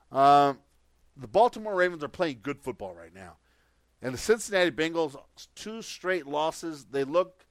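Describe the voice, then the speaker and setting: A man with a fairly high, smooth and clear voice, chatting casually through his football predictions. He rambles and restarts his sentences often, with plenty of filler words. The sound is dry and close to the mic. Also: dry recording. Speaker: podcast host making football picks. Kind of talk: casual sports picks commentary.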